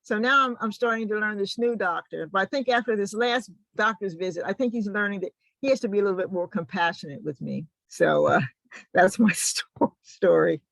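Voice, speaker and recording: An older woman on a patient panel, telling a story in a lively way and acting out both sides of a conversation. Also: medium pitch, moderate pace, gravelly, no room sound, rough recording.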